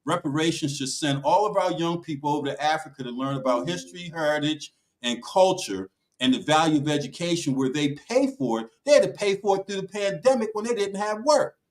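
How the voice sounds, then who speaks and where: A man's voice: on the high side, a little fast, hardly any pauses, low-quality recording. A man speaking emphatically on a talk show panel, with a preaching cadence that rises and falls.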